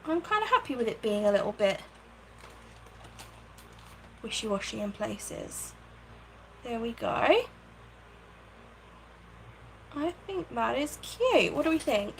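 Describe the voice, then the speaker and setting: Woman crafting on a livestream, chatty, kinda high voice, thinks out loud. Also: very animated, a little slow, gravelly, long pauses, a little hiss or hum, rough recording. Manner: chatty, thinks aloud, thanks viewers by name. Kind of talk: casual live-stream chat while crafting. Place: home craft room.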